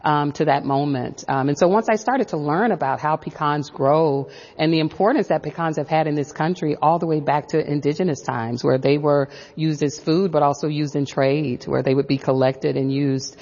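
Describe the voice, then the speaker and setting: A woman professor and author, a guest on a radio interview, speaking thoughtfully and often pausing on "um". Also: low-pitched, a little mellow, big-room sound, lo-fi sound.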